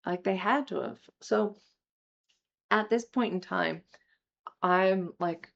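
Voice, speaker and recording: Young woman, frank and emotional storyteller, unhurried delivery, slightly muffled recording. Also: lowish voice, gravelly, slight background noise. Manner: candid, emotional, swears freely. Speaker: storyteller sharing recovery story. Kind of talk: personal storytelling. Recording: slightly dull lo-fi audio.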